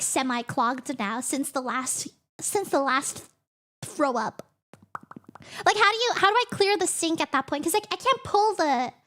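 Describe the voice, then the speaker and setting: A woman's voice: very high-pitched, fairly bright tone. A young woman live-streaming in casual chat, giggling often and breaking off mid-sentence.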